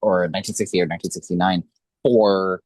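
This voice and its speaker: A man's voice: low-pitched, steady tone, fast, a little mellow, no echo. A man hosting a casual political interview, blunt and swearing freely. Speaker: interviewer host.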